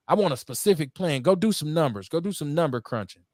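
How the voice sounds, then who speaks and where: A man hosting a community radio talk show, preaching with heat, swinging between loud outbursts and low muttering, and swearing freely. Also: sing-song, fast, no room sound, clean studio sound. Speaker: host. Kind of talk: impassioned call-in radio talk.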